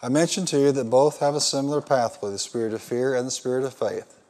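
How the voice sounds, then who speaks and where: A man's voice: mid-range voice, fast, darkish tone. A male pastor preaching a sermon, reading scripture and pressing the congregation with fill-in questions. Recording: long hall reverb.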